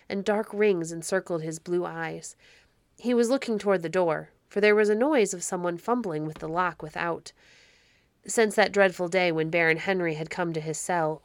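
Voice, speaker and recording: A woman narrating an old storybook in a measured, expressive reading. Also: fairly low pitch, no room sound. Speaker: audiobook narrator.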